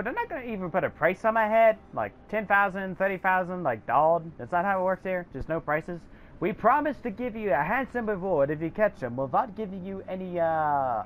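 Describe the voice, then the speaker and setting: Giggly, lively young woman gamer. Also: on the low side, fairly quick. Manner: giggly, excitable, reads text aloud. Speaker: game streamer. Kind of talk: casual gameplay commentary.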